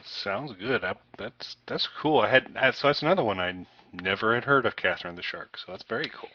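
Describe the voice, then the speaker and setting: A man's voice: fairly low pitch, lively intonation, brisk, a little hiss or hum. A man co-hosting a podcast, telling anecdotes casually with many fillers and chuckles. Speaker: podcast co-host. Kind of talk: casual chat. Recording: dull lo-fi, slightly distant mic.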